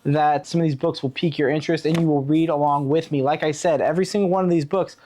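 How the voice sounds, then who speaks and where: A man chatting casually on his book vlog, enthusiastic and rambling with fillers, pitching his summer reading picks. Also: fairly even intonation, quick pace, dark tone. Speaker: book vlogger. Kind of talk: casual chat. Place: Oregon.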